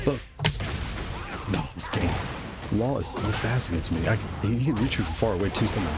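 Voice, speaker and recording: Lively low-voiced man, playful gameplay trash-talk. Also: a little fast, pauses often. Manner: playful trash-talking, excitable exclamations. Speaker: streamer playing a fighting game. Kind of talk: live gameplay commentary. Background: loud music.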